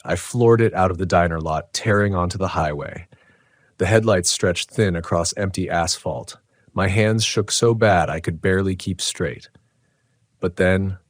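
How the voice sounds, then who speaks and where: Deep-voiced man narrating a horror story. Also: no room sound.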